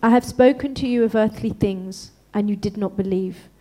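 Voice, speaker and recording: A woman reading scripture aloud at a measured, steady pace during a church service. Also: mid-range voice, rough recording. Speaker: scripture reader.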